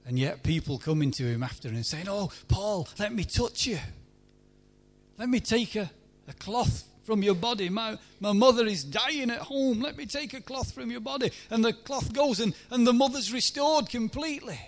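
A man preaching a sermon at a church meeting, emphatic, swinging between loud pleading and hushed lines. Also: high voice, expressive, normal speed.

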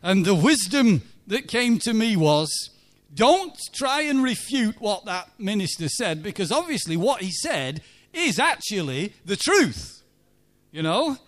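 High-voiced man preaching through a story. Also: a bit bright. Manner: chatty, anecdotal, asks the congregation for agreement. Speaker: church minister. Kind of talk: storytelling sermon.

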